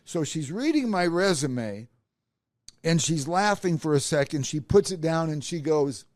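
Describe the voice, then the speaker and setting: A man's voice: a little high, unhurried, no room sound, clean studio sound. A middle-aged man, a podcast host, telling a personal career story and acting out the voices of the people in it. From Nebraska. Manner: animated, acts out quoted voices.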